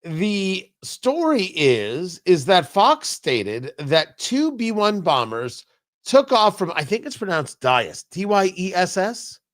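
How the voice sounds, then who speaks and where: A man's voice: sits high, big pitch swings, takes it slowly. A male radio talk show host giving opinionated political commentary from the studio, full of sarcastic, riffing asides.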